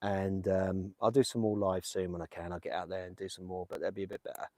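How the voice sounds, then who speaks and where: Phone in hand, this English livestream host wanders a windy village visiting graves and reads out viewer comments in a loose, jokey, meandering chat. He talks fast in a low, warm voice with a flat delivery, and the recording is dry.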